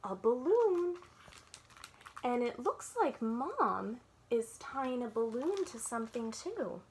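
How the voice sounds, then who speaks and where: A woman's voice: on the high side, very animated, slow, slight background noise. A woman working as a children's librarian, reading picture books aloud to young listeners in a sing-song way and often stopping to ask them questions.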